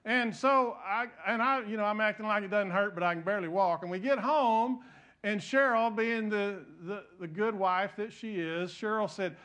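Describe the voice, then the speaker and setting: A middle-aged pastor with a notably high voice delivers a sermon in church. He tells a folksy, rambling story, restarting his sentences and talking straight to the congregation. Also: normal speed, bright, forceful tone.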